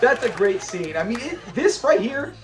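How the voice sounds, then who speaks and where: A man hosting a casual episode review, excitable, laughing often and acting out the characters' lines. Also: very high-pitched, normal speed, background noise. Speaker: episode reviewer, channel host. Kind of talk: casual video commentary.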